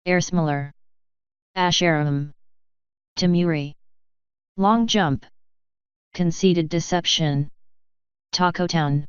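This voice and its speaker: Slow, smooth-voiced woman reading names. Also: lowish voice, dry recording, lo-fi sound. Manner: slow, even list reading. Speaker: fanfiction reader. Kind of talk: reading a list of supporter names.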